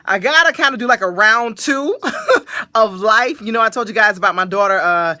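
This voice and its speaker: A woman hosting a casual podcast, telling a story in an animated way and laughing often. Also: mid-range voice, normal speed, no room sound. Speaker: podcast host.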